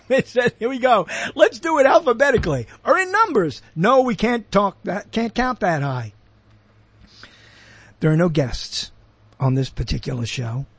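An older man from Brooklyn rambles through a solo monologue as host of his own show. His voice sits high for a man and has a husky grain. He keeps drifting off topic, questioning and correcting himself, and the sound is close and dry. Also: no echo. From Brooklyn, New York.

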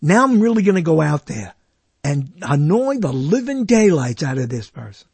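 A man retelling a funny story in an animated, mocking way, laughing between lines. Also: fairly high pitch, moderate pace, gravelly, slightly rough, no echo. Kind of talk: comedic storytelling.

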